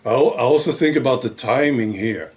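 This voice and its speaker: A man's voice: medium pitch, a little fast. A man speaking in a casual monologue to camera. He is wry and exasperated, often tacking on rhetorical questions. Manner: rhetorical, frequently asking "right?". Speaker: video blogger.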